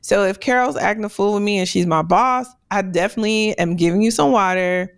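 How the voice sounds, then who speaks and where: A playful woman hosts a podcast in a casual, chatty way, with a pitch sitting right in the middle range for a woman. She laughs easily and jumps into quick asides as she talks. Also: gravelly, smooth. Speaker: podcast host. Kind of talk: casual interview chat.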